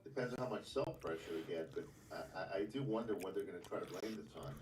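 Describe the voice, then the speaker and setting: A man's voice: low-pitched, expressive, fast, hardly any pauses, darkish tone. A man joining a livestream as a guest trader, stumbling over words and often half-whispering. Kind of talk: casual livestream chat. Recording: roomy, distant mic, faint noise.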